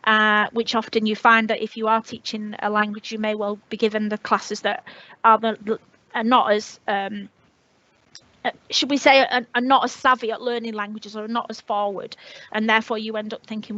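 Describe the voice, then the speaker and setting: Woman, 50s, Leeds accent, veteran teacher, chatty webinar delivery, higher voice, muffled audio. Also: fairly even intonation, normal speed, sharp tone, dry recording. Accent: northern English, Leeds. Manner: chatty, anecdotal, many restarts. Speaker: language teacher. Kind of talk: webinar talk.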